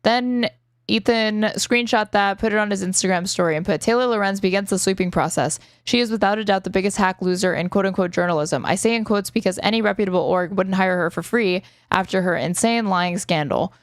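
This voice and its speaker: A woman commentator talks through an online feud in a loose, rambling way, with plenty of "like" along the way. Her voice is smooth and clear. The sound is close and dry, with no room in it. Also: medium pitch, brisk, no echo. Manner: rambling, filler-heavy retelling with many "like"s. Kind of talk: casual commentary recap.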